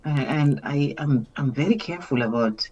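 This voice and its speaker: A woman's voice: low voice, normal speed, warm tone, breathy edge. A woman from Kenya, a podcast guest chatting casually and at length, with many fillers and frequent laughs. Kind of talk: casual interview chat. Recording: muffled lo-fi sound.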